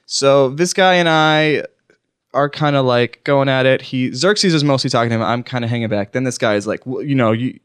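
A man's voice: mid-range voice, normal speed, a bit bright, clean tone, no echo, clean studio sound. A man co-hosting a podcast who tells a story in casual chat, stuttering and restarting his sentences in a keyed-up way. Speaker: podcast co-host.

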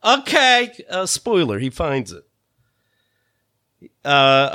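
Man, podcast host, somewhat high voice, very animated, profane rant, exasperated. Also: very slow, pauses often. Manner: exasperated, swearing, swinging between mutters and shouts.

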